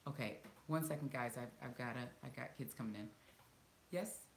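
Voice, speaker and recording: A woman's voice: rumbling low, fast talker, gravelly. A woman in her thirties chatting casually with viewers from home, talking loosely with lots of ums and laughs. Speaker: vlogger answering viewer questions. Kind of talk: casual live Q&A chat. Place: home room. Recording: echoey room with faint hiss.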